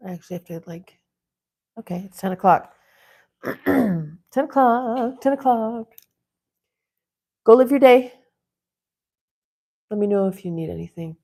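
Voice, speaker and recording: A woman's voice: lowish voice, mellow, breathy edge. A woman hosting a casual live chat from home, chatting along and playfully scolding her dogs. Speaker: livestream host.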